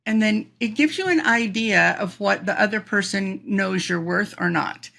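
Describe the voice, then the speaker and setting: A woman guest in an interview, telling stories in an animated way, laughing often and acting out voices. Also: medium pitch, normal speed, creaky. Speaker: professional speaker, guest. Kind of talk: casual storytelling interview.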